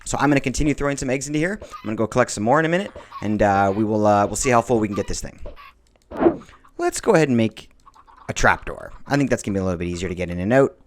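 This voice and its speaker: A man's voice: lowish voice, animated, racing, slight background noise. A man casually talking through a video game build for his viewers, rambling with many fillers and restarts. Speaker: Minecraft let's-play host. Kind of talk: casual gameplay commentary.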